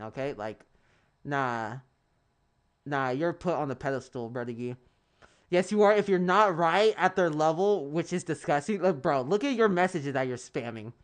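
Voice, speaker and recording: A man livestreaming and chatting casually with his viewers, rambling, swearing and stumbling over words. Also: fairly high pitch. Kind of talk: casual chat with stream viewers. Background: background music.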